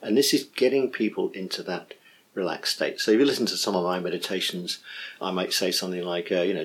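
A man's voice: deep voice, fast talker, slightly rough. A middle-aged man, teaching a workshop on guiding meditation in an enthusiastic, chatty way. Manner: enthusiastic, chatty, full of praise.

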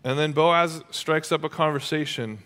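A male pastor delivering a sermon with energy and a conversational tone. His voice sits a little higher than most men's. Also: fairly even intonation, moderate pace, a bit bright.

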